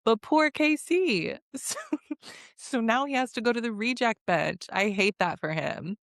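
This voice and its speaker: A woman's voice: a little high, measured pace, a bit bright, no room sound, studio quality. A young woman hosting a casual, sarcastic recap vlog, chatting and laughing often. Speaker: recap host.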